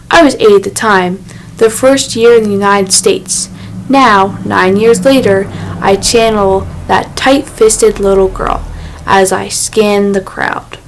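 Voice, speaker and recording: A woman narrating a first-person young adult novel in a measured, unhurried reading voice. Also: medium pitch, slight background noise, poor audio. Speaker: audiobook narrator.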